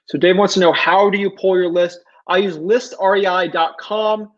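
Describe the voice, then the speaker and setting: A man's voice: sits high, normal speed, hardly any pauses, muffled recording. A male host talking casually on a live video call, answering viewer questions and dealing with connection trouble. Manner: casual, relaxed, apologetic about tech trouble.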